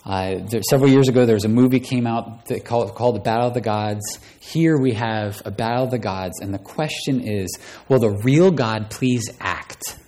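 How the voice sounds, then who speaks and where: A man's voice: mid-range voice, brisk, few pauses, mellow. A man preaching a sermon, reading scripture aloud and raising his voice dramatically on the quoted lines. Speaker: pastor.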